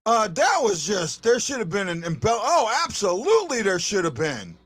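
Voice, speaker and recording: A fan show host ranting angrily after a game, shouting and repeating words over and over. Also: medium pitch, very animated, moderate pace, no room sound, clean studio sound. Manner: angry, shouting, repeating himself. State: upset. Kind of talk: post-game fan rant.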